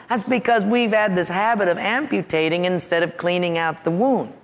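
A man preaching a storytelling sermon as a pastor, animated, acting out his own yelps and asides. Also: high voice, brisk, hardly any pauses, in a large hall.

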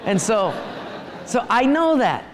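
A man's voice: very high voice, slow, big-room sound, a little hiss or hum. A middle-aged male pastor preaching a sermon, telling humorous stories with playful asides. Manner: humorous storytelling, lively asides.

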